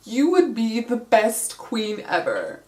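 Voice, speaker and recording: A woman voicing a sweet, gushing young woman who heaps on over-the-top flattery. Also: fairly high pitch, takes it slowly, full character voice. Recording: roomy echo.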